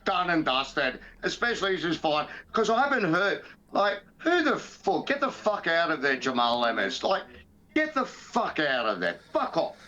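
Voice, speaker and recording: An Australian man with a fairly high voice, co-hosting a podcast in loose, profane banter. He is outspoken and animated, firing off blunt opinions. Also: moderate pace, dull audio. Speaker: podcast co-host.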